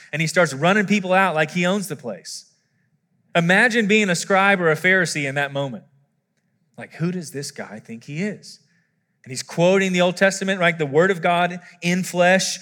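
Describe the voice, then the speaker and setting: A man preaching a sermon as a pastor, animated and building to emphatic peaks, with some scripture read aloud. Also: a little high. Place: church auditorium. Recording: long hall reverb.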